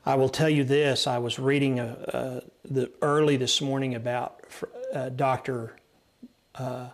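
A man's voice: mid-range voice, level tone, a little slow. A man with a Texan accent preaching a sermon, emphatic, repeating phrases and restarting lines as he teaches from scripture. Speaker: pastor.

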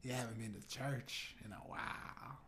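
A man voicing God as a stern male figure with a Southern US accent, talking in a low, lecturing drawl. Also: fairly even intonation, normal speed, sharp tone. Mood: stern scolding.

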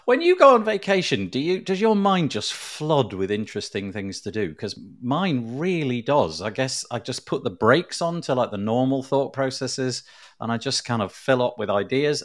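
A man's voice: mid-range voice, lively intonation, normal speed. A man hosting a podcast in casual chat, chatty and self-deprecating, laughing often. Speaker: podcast host.

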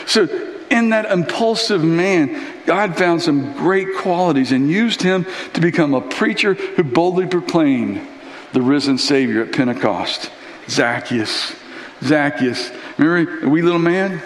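Animated and speaking at a normal speed, a male pastor tells Bible stories in a relaxed sermon, voicing the characters as he goes. His slightly high voice rings around an echoey church hall, trailing long reverb.

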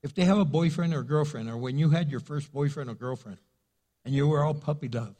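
A middle-aged man, preaching a sermon and acting out everyday conversations, building to loud emphasis. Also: on the high side, a little fast. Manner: animated, acts out quoted voices, builds to loud emphasis. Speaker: pastor.

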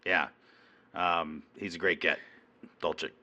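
Male co-host, very deep voice with a bright, forceful edge, hesitant delivery. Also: fairly even intonation, takes it slowly, lo-fi sound. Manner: hesitant, many ums and uhs. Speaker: co-host of a fantasy football show. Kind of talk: casual sports chat.

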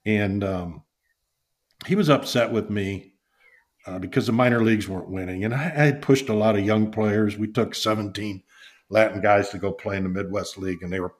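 An older man, a former baseball executive, telling long rambling stories in a podcast interview and acting out the quotes. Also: fairly low pitch. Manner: rambling anecdotes with restarts and acted-out quotes.

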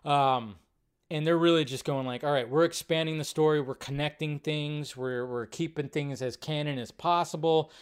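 Male podcast host, slightly high-pitched, casual, excitable, swears freely, lots of ums and restarts. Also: normal speed, smooth. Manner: excitable and profane, many fillers and restarts. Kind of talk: casual live-stream chat.

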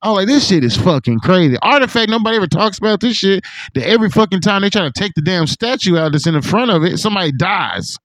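A man's voice: high-pitched, expressive, quick pace, fairly bright tone, no echo, rough recording. A man hosting a podcast in casual chat, rambling and swearing with lots of "like". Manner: rambling, profane, heavy use of "like". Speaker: podcast host.

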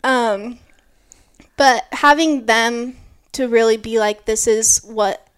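A woman in her early twenties, a mountain bike racer, telling an animated story in an interview and peppering it with "like". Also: on the high side, slow, smooth. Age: early 20s. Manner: animated, lots of "like", acts out quotes.

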